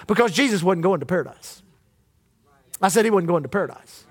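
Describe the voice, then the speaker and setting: Man, pastor, preaching, sermon, call-and-response, church, very high-pitched. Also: expressive, brisk, long pauses.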